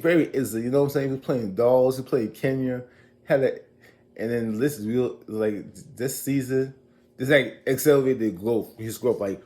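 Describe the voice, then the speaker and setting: A man casually recapping a TV episode as a reviewer, chatty and animated, acting out characters' lines. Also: fairly low pitch.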